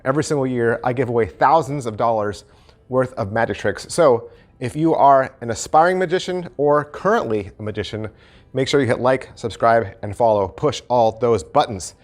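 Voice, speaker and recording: A middle-aged man hosting a channel, giving a casual, animated review of a magic trick and repeating phrases for emphasis. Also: mid-range voice, normal speed. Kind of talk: casual product review to camera.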